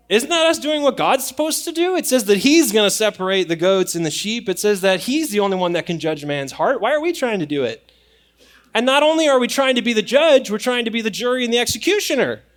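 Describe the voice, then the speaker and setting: A young man preaching a sermon in church, animated and acting out quotes. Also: sits high. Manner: animated, acts out voices and quotes. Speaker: pastor.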